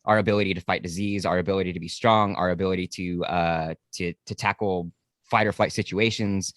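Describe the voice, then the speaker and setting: A man hosting a podcast, talking in a relaxed, conversational way, often murmuring agreement and now and then swearing casually. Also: sits low, fairly quick, dry recording, studio quality. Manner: relaxed, conversational, occasional swearing, frequent "mm-hmm" backchannel. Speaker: podcast host.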